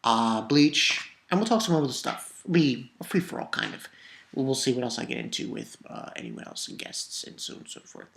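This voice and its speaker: Low-voiced, excitable woman reviewer. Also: moderate pace, gravelly, a little hiss or hum. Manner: excitable, profane, rambling with restarts. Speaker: manga chapter reviewer. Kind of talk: casual video review.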